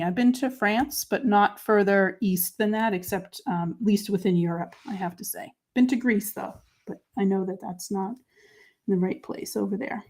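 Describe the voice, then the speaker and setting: Chatty woman hosting a crafting stream. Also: medium pitch. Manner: chatty, talks through each step as she works; drops to quiet murmurs while writing. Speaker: crafting show host. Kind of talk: live crafting chat, answering viewer comments.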